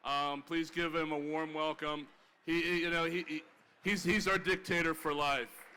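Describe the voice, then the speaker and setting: A tearful man in his sixties emcees a class dinner in an excitable rush, stumbling and restarting his sentences. His voice is high and bright. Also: moderate pace, a little hiss or hum. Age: 60s. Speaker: master of ceremonies. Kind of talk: emotional emcee remarks.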